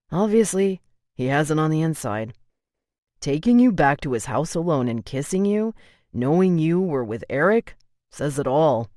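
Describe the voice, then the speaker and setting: A woman's voice: deep voice, darkish tone, no room sound, studio quality. A woman reading an audiobook, voicing a protective young man, the heroine's level-headed but angry older brother, who talks bluntly and swears when riled.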